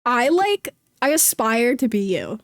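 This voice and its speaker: Her voice is on the high side and sing-song, moving at a measured pace. She's a young streamer from New Jersey with a Jersey accent, rambling giggly and self-deprecating as she games and reads chat aloud, recorded cleanly and dry in a studio.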